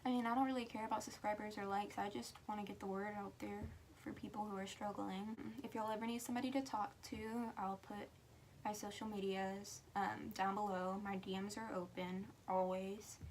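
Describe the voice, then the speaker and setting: A woman's voice: mid-range voice, little pitch movement, fairly quick, slight background noise. A teenage girl talking earnestly and frankly to camera as a vlogger, with emphatic stresses and stretches that drop to a whisper. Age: teen.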